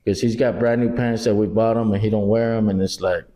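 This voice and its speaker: A middle-aged Texan man chatting on a podcast with a mellow, darkish voice. He tells stories with animated energy, acts out what people said and swears freely. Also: fairly low pitch, a little fast. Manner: animated storyteller, acts out quotes, swears a lot. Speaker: podcast co-host. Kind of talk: casual chat.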